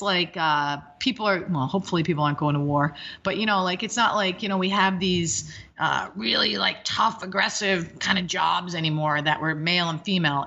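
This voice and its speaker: An energetic woman in her fifties talks as an interview guest and tells animated, rambling stories from her coaching life. Her voice is bright and forward. The recording is slightly dull and lo-fi. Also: fairly low pitch. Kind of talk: casual interview chat.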